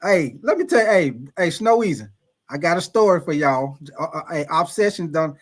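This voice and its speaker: High-voiced man, laid-back stream host. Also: lively intonation, moderate pace. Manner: laid-back, loose slang, laughs often. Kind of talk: casual live stream chat reading viewer comments.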